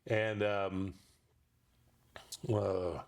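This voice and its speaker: A man's voice: sits low, flat delivery, drawn-out words. A man in his fifties, a ventriloquist, telling jokes and stories in a rambling, self-interrupting way. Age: 50s. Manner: rambling storyteller, frequent restarts, joking. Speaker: ventriloquist guest. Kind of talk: casual interview talk.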